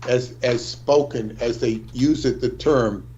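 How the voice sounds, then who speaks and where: A man co-hosting a livestream discussion, speaking in a measured, deliberate way. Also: medium pitch, mellow, lo-fi sound, slight background noise. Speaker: livestream co-host.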